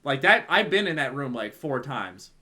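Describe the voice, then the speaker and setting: Male podcast guest, excitable and profane, bright tone. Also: mid-range voice, moderate pace. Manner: excitable storyteller, swears casually. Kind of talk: casual chat.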